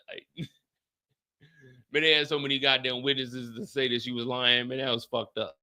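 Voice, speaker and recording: A man in his late thirties hosting a livestream, telling a story in a casual, animated and profane way and talking straight to his chat. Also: mid-range voice, moderate pace, pauses often. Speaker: livestream host.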